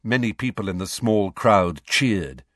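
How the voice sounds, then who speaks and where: A man narrating an audiobook in an unhurried, measured way. His voice rises and falls with lively expression. The recording is close and dry. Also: fairly low pitch, dry recording.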